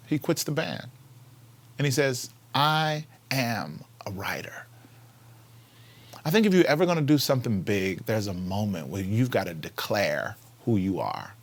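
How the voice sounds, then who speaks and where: Guy hosting a pep-talk style chat, mid-pitched voice, gets loud then drops to a whisper, repeats himself to drive it home. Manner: animated, swings from loud emphasis to hushed whispers; conversational with fillers, repeats key phrases for emphasis. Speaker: host. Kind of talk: casual inspirational talk.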